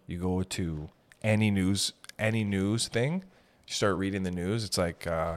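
A young man with a somewhat low voice hosts a podcast, drifting from tangent to tangent in a loose, self-deprecating comic monologue. He swears freely and keeps circling back to his own half-finished thoughts. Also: a little slow. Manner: meandering, self-deprecating, swears casually, breaks into loud mock shouts. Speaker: podcast host. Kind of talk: rambling comedic monologue.

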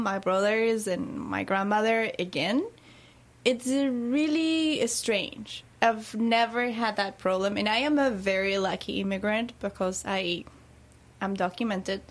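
Reflective woman, podcast guest. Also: medium pitch. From Colombia. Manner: thoughtful, laughs often while talking. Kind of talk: casual chat.

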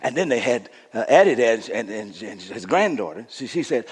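A man preaching a sermon as pastor, calling out to the congregation and swinging from shouts to soft hushes. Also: medium pitch, lively intonation, brisk, hardly any pauses, husky, big-room sound.

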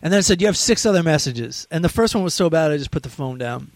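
High, animated man telling a story. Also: fast. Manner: animated storyteller, swears freely, acts out quotes loudly. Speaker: podcast host. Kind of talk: casual phone chat.

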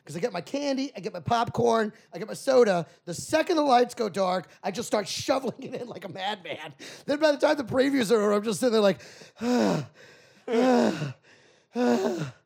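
Animated high-voiced man with gravelly edge. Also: quick pace, few pauses. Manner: animated, acts out bits with loud shouted asides. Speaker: podcast co-host, comedian. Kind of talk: casual comedy podcast chat.

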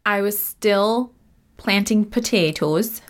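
Mid-pitched woman player, casual and chatty, narrating her moves. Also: slow. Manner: chatty, describes her actions in detail. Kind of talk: casual tabletop role-play.

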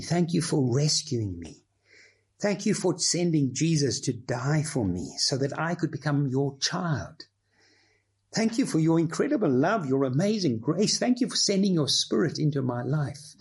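Hushed, earnest preacher. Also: male voice, mid-range voice, breathy edge. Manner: earnest, reverent, drops to hushed whispers for emphasis. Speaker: pastor. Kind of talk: sermon with read-aloud story passage.

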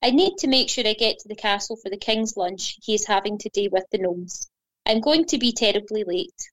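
A woman's voice: mid-range voice, expressive, fairly quick, fairly bright tone, no room sound, lightly acted. A woman voicing a flustered, apologetic male elf who worries about being late. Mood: fretful. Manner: fretful, apologetic.

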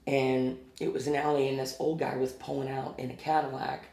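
Gravelly Midwestern man telling stories. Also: medium pitch, fairly quick, echoey room. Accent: Midwestern American. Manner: animated anecdote teller who acts out quotes. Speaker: guest, former music venue promoter. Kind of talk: casual storytelling interview.

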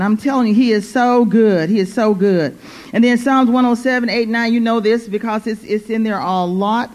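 A woman preaching a church sermon, repeating her phrases and calling "Amen?" to the congregation. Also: high voice. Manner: fervent, repeats phrases, call-and-response "Amen?". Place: church service.

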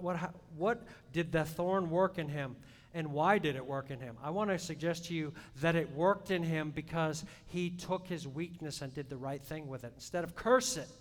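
A man preaching a sermon in a church, swinging between loud emphatic peaks and soft hushed asides. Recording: long hall reverb, faint rumble.

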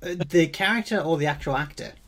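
A man's voice: fairly high pitch, quick pace, fairly bright tone. A man co-hosting a podcast, easygoing and thoughtful in conversation. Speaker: podcast co-host. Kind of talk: casual podcast chat.

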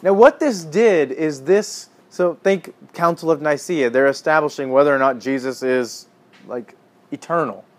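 A man giving a conversational sermon to a small congregation, earnest and animated, often dropping to a hushed tone. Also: on the high side, moderate pace. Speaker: pastor or Bible teacher. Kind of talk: conversational teaching talk.

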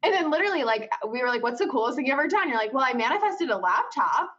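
A young woman in her twenties speaks candidly as a podcast guest. Her voice sits a little high and swoops widely. The audio sounds slightly dull. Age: 20s. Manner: animated, candid, drawn-out "like". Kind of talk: casual podcast chat.

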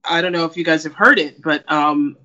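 A man who is a singer, recounting a story in a relaxed, meandering way during casual chat. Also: a little high, brisk, lo-fi sound.

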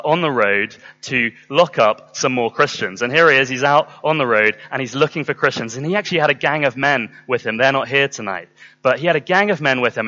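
A man telling a Bible story to a live group in an animated, repetitive way, with dramatic pauses. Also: a little high. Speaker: children's church storyteller. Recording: dull sound in a long-reverb hall.

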